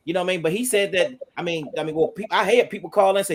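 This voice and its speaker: Fast-talking high-voiced man. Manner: fast, restarts and fillers. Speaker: panelist. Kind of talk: casual panel discussion.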